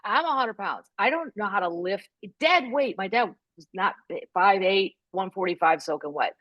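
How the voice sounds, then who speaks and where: A middle-aged woman, a comedian, telling stories about caring for her parents with quick asides. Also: medium pitch, dry recording, highs cut off. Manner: lively, animated delivery with quick asides. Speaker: guest comedian. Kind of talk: comic storytelling in a podcast chat.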